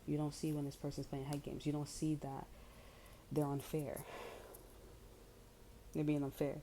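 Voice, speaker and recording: A woman's voice: low-pitched, flat delivery, moderate pace, dark tone, a little hiss or hum, poor audio. A woman giving a casual tarot reading. She talks bluntly and chattily, with frequent swearing and many fillers. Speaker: tarot reader.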